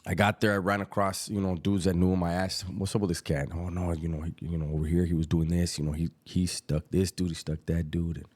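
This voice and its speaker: A middle-aged man, telling a story about prison in casual street slang, unhurried and reflective. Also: low voice, little pitch movement, a little mellow.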